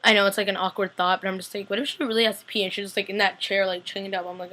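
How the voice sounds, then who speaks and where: A young woman recapping a TV episode on her laptop webcam, chatty and full of fillers, acting out scenes with sudden high-pitched squeals. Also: little pitch movement, quick pace, bright, forceful tone. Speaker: vlogger reviewing a TV episode. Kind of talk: casual excited recap.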